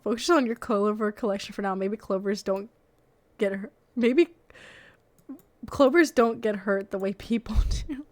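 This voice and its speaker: A woman's voice: fairly high pitch, a little fast. A young woman reads online posts aloud on her stream and talks over them in a casual, chatty way. She sounds incredulous at what she reads, laughs often and swears without a second thought. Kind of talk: casual reaction commentary.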